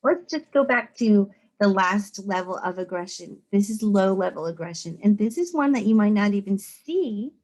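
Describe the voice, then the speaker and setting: A woman psychologist from the United States giving an informal talk to students, conversational and animated, often acting out other people's voices. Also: medium pitch, low-quality recording.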